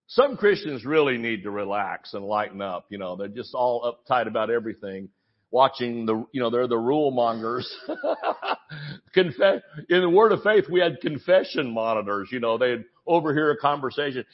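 A man preaching a sermon as pastor, telling stories with animated asides and mimicking voices in quotes. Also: on the high side, moderate pace, slightly rough, highs cut off.

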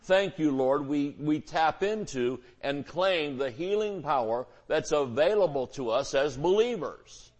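A male pastor with a drawl delivers a sermon in a relaxed, folksy way, leaning on homespun illustrations. His voice sits a little higher than most men's. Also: unhurried, few pauses.

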